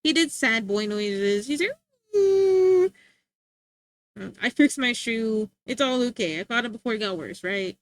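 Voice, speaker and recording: A young woman streamer in casual chat, slangy and animated with lots of filler words, talking into a desk mic. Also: on the high side, normal speed, few pauses.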